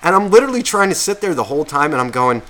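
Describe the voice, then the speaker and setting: Bright-voiced, rambling, foul-mouthed man. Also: a little high, very animated, rapid-fire. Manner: rambling, swears constantly, restarts and questions himself; grows loud and heated when worked up. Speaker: podcast co-host. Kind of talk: casual podcast chat.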